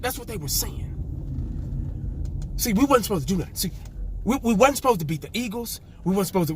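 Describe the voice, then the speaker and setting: A man ranting casually to his viewers as a sports fan, animated and sarcastic, repeating himself and dropping into mock whispers. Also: sits high, heavy background noise. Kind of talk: casual fan rant to camera.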